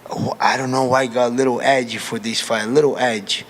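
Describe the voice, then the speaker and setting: Brazilian guy, fighter, talks loose and animated, mid pitch, long hall reverb on him. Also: brisk, a little hiss or hum. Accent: Brazilian Portuguese. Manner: candid, animated, non-native grammar. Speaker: MMA fighter. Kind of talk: casual interview answer.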